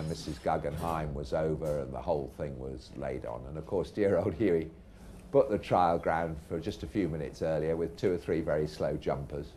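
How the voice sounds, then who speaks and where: A man's voice: extremely low pitch, a little mellow, slight background noise. A middle-aged man, a racehorse trainer, telling anecdotes in a dry, erudite way to a live audience in a pub. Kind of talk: anecdotal storytelling.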